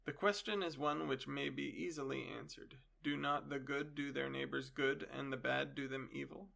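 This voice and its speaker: Give me a man playing an elderly philosopher on trial, probing and dryly ironic, with a gravelly voice. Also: medium pitch, fairly even intonation, normal speed, pushed and bright.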